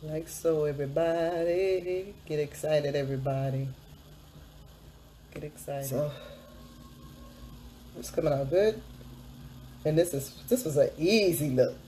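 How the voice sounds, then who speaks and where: A woman's voice: low voice, a little slow, long pauses, dark tone, a little hiss or hum. A woman vlogger chatting through a makeup tutorial, upbeat and repeating a hype catchphrase as she explains each step. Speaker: beauty vlogger.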